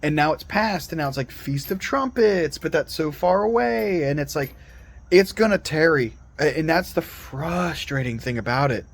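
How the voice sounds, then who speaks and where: A man's voice: fairly high pitch, animated, normal speed, gravelly. A man giving a rambling, earnest solo monologue as a Christian video commentator, full of digressions and restarts.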